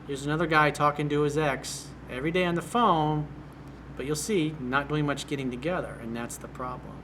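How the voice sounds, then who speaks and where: A man's voice: fairly high pitch, steady tone, a little fast, noisy background. A man working as a dating coach, reading out and answering a viewer's email in a blunt, direct way.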